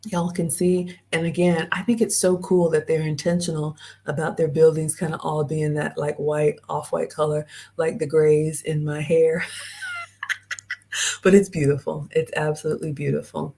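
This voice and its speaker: Low, mellow-voiced chatty woman host. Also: flat delivery, moderate pace, creaky, few pauses. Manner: chatty, talks straight to viewers and reads out chat. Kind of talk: live-streamed travel vlog.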